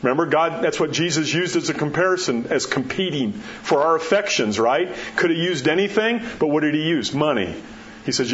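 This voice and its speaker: A pastor giving a sermon in a conversational way, acting out the quotes and dropping his voice low to drive points home. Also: lively intonation, fairly quick, a bit bright. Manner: conversational preaching, acts out quotes, drops low for emphasis. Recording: dull muffled sound with faint background hiss.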